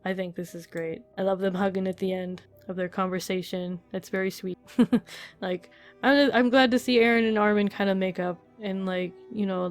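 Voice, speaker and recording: A woman giving a casual, emotional spoken review of a manga chapter, laughing often and gushing, with many fillers. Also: on the low side. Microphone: desk mic while reading.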